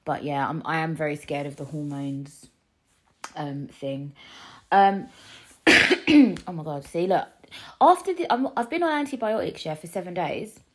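A woman's voice: low-pitched, expressive, moderate pace, darkish tone, a little hiss or hum. A young woman hosting her own podcast from a living room, rambling casually with many restarts and a lingering cough. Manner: chatty, rambling, self-deprecating, lots of fillers and restarts. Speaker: podcast host. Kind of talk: casual solo podcast chat.

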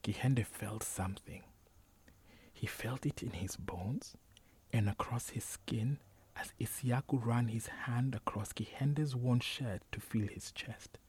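A man reading a novel aloud as a narrator, measured and unhurried, sometimes dropping to a whisper. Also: medium pitch, darkish tone, a little hiss or hum. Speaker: audiobook narrator. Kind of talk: scripted narration.

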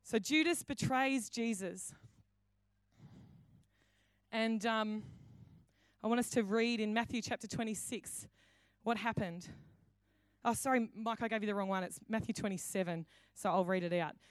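A woman pastor delivers a sermon in a dry, close sound. Her voice sits fairly high, and she tells the story vividly, acting out quoted lines and often restarting her phrases. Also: a little slow, smooth, no echo.

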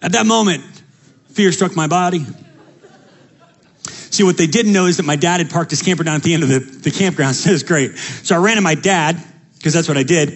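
A young man with a high voice preaches to his congregation. He tells quick, lively personal stories, then rises into fervent appeals. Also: slightly rough. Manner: energetic storytelling, rising to preaching fervor. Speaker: pastor.

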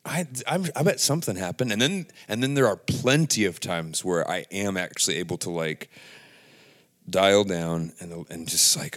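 A man giving an earnest, casual devotional talk, halting and full of restarts, sometimes dropping to a hushed near-whisper. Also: fairly low pitch, lively intonation. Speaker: Christian speaker.

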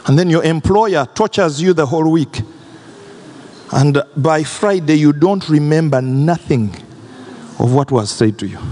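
A man preaching a sermon as pastor, impassioned and swinging between high and low registers. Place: large church hall. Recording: long church reverb.

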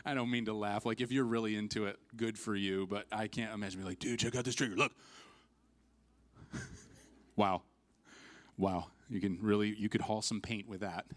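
A man's voice: fairly low pitch, fairly even intonation, moderate pace. A man preaching a sermon as its pastor, telling a funny personal story with self-mocking humor and acting out what people said.

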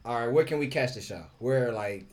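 A man's voice: medium pitch, expressive, crowd noise. A man hosting a casual podcast interview, joking around and firing off questions. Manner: jokey, asks quick questions, laughs often. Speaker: podcast host.

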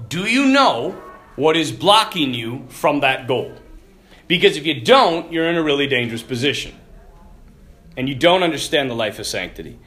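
A man preaching a conversational Catholic sermon, telling a story and often clearing his throat. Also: a little high, big pitch swings, moderate pace, long pauses, fairly bright tone.

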